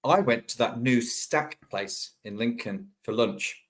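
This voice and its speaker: A man's voice: medium pitch, a little slow. A man, a regular pundit on a football podcast, friendly and enthusiastic, laughing easily. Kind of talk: casual football podcast chat.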